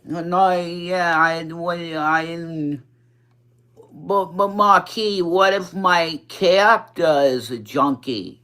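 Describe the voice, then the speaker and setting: A drag performer in their forties with a New York accent rambles on a casual livestream. Their speech has a slight impediment, slips now and then into a childlike lilt, and stays slow and unhurried. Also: medium pitch, bright, forceful tone, smooth. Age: 40s. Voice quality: mild speech impediment, sometimes childlike, baby-girl-like voice. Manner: rambling, profane, candid livestream chatter.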